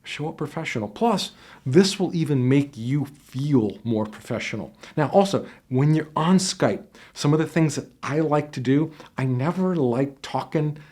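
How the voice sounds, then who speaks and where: A man's voice: a little high, animated, a little slow, a little mellow. Man coaching on job interviews. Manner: conversational, demonstrates voice changes while explaining. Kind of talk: instructional talk to camera. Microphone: headset microphone.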